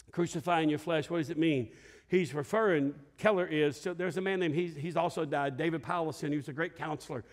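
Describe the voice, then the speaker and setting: A middle-aged male pastor preaching a sermon to a congregation in a church, telling stories with acted-out voices and asking the room to respond. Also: sits high. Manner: lively storytelling preacher, acts out voices and shouts. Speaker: lead pastor. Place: church sanctuary before a congregation.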